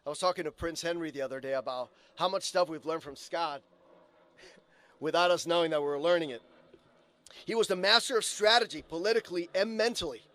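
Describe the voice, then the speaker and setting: A man's voice: fairly high pitch, fairly bright tone, no echo. A man delivering an earnest memorial eulogy for a colleague, telling stories and quoting the deceased. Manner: earnest storytelling with quoted asides. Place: funeral home chapel.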